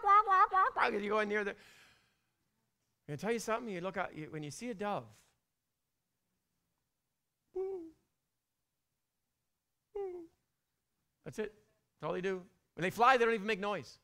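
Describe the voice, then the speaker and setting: A middle-aged male pastor delivers a sermon in a high, bright voice. He is animated, sinking to hushed whispers and climbing to loud bursts. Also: vocal fry.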